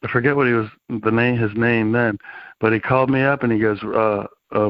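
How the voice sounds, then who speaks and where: A man's voice: on the low side, steady tone, brisk, no echo. A middle-aged man, a guest in a casual interview, telling rambling, laid-back stories full of fillers and slang. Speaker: interview guest, former wrestling promoter. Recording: slightly dull, dry lo-fi sound.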